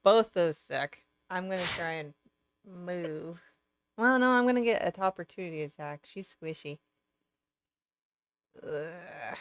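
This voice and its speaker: A tabletop player with a smooth, clear voice who talks bluntly about moves and dice. Swearing and playful grumbling run through the speech. The sound is close and dry. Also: medium pitch, animated, a little slow, pauses often, no echo. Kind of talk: casual tabletop play.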